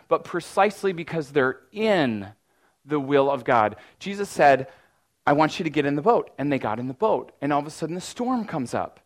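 A man delivers a sermon in an easygoing, conversational tone, his voice sitting a little on the high side. He often says "like" and restarts sentences, and now and then he breaks into loud, exaggerated cries of mock panic. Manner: casual, conversational preaching with frequent "like" and restarts. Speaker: pastor.

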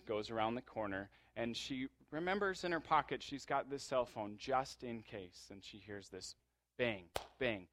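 A man's voice: mid-range voice, fairly bright tone, no echo. A man telling a story vividly and acting out the people in it.

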